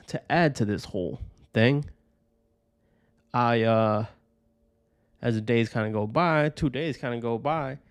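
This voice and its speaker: On his own podcast, a Georgia man rambles loosely through a casual personal monologue, swearing constantly and tossing in "right?" every few lines. His pitch is an ordinary middle, and the recording is close and dry, with no room sound.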